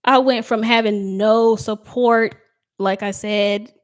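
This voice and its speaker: A woman's voice: fairly high pitch, steady tone, slow. A woman hosting a tarot livestream, chatting casually and reading viewer comments aloud. She talks in a heartfelt, emotional way. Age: adult with a child. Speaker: tarot reader livestream host.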